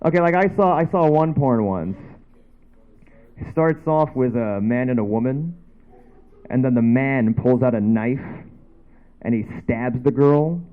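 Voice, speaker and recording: Rambling Canadian stand-up guy, lively pitch. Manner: loose, rambling, offhand asides. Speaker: stand-up comedian. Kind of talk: stand-up set. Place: dive bar stage. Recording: dull lo-fi bar recording.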